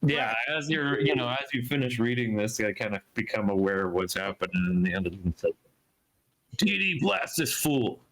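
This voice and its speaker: A man narrating a tabletop game as game master, describing scenes in an unhurried, laid-back way. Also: fairly low pitch, fairly even intonation, fairly bright tone, rough recording.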